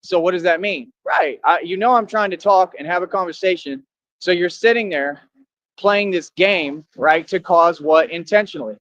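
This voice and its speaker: A man's voice: sits high, normal speed, a bit bright, dry recording, highs cut off. A man vlogging outdoors, boasting and confronting his viewers in slang-heavy street talk.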